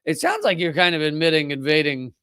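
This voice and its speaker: A man's voice: huge pitch swings, a little fast, sharp tone, clean tone, dry recording, clean studio sound. A man hosting a political commentary show, talking in a sarcastic, mocking way and reading out news with running asides. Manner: mocking, mimics opponents in whiny high voices.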